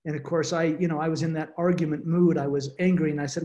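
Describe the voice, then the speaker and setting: Earnest, halting man telling his story. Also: on the high side, fairly even intonation, dark tone, muffled recording. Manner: earnest, halting with repeated restarts. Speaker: guest speaker. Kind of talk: personal story to a support group.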